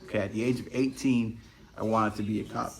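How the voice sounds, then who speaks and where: A man's voice: lowish voice, steady tone, brisk. A man hosting his own podcast, telling stories in a casual, rambling way full of swearing. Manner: profane, rambling storyteller. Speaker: podcast host. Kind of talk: casual solo monologue.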